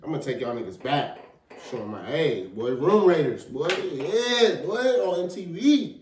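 A young man co-hosting a casual chat show, teasing his friend in lively slang. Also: a little high, moderate pace. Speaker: podcast co-host. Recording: echoey room, distant mic, faint noise.

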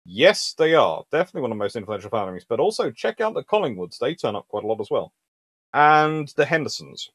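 A man's voice: mid-range voice, fast talker, no echo. A man hosting a casual history livestream, reading out lists of ships and chatting with viewers. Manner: lively and chatty, reading names in a sing-song list. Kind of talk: casual lecture reading ship lists and answering chat.

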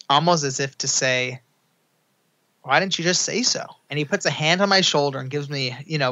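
A young man, an author guest on a podcast, telling a story with energy and acting out the quoted lines in a higher, excited voice. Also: vocal fry. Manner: acts out quotes in a high excited voice. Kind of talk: animated storytelling. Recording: dull lo-fi sound.

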